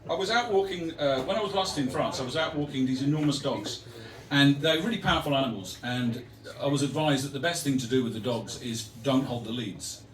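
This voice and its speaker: A man's voice: medium pitch, animated, a little fast, echoey room, distant mic. A man performing his own poems at a live reading, with playful, self-mocking humour and chat with the audience between pieces. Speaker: performance poet. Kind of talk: live poetry reading with banter.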